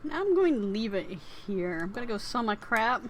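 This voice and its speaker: A woman with a slightly high voice chats wryly through a game stream, muttering asides as she plays. Faint game music and a soft hiss of noise sit under her voice. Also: big pitch swings, normal speed. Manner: chatty, wry, talks to herself while playing. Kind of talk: casual let's play commentary.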